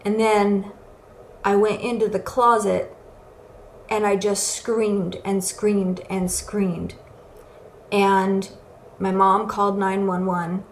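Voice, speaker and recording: A woman's voice: medium pitch, creaky, a little hiss or hum. A woman giving an earnest, emotional personal testimony as a recovery speaker. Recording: echoey room with faint ambience.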